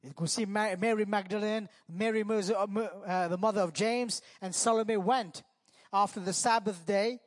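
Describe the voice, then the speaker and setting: A man's voice: high voice, steady tone, normal speed. A man preaching a sermon, retelling a scripture story with dramatic emphasis on the quoted lines.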